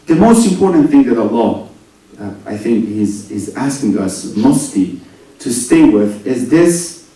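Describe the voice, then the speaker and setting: A man preaching a sermon, swinging between loud rising lines and soft low asides, often asking the audience questions. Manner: animated, rising and dropping to near whispers, asks the audience questions. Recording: very echoey hall, voice from a distance.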